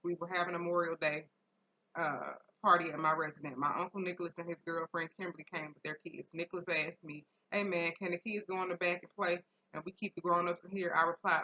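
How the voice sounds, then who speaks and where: A woman hosting a casual podcast tells a listener's story. Her voice is bright and sits a little low. She swears freely and keeps bursting into loud laughter. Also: muffled recording. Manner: profane, laughs loudly, swings from flat reading to shrieking. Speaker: podcast host reading listener letters.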